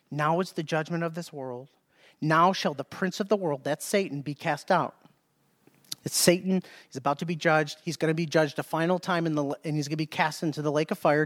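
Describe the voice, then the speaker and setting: A man preaching a sermon, emphatic and repeating phrases as he reads scripture aloud. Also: fairly high pitch.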